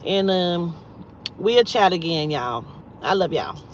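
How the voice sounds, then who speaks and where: A woman vlogging casually to her viewers, blunt and profane, jumping between loud outbursts and low, muttered asides as she tells a story from a parked car. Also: lively intonation, slow pace. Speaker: vlogger and spiritual reader. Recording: dull lo-fi sound with faint vehicle noise.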